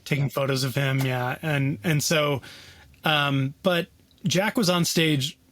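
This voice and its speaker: A young man telling a story as a podcast guest, animated and casual, filling his talk with "like" and "you know.". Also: on the high side, slow, no echo.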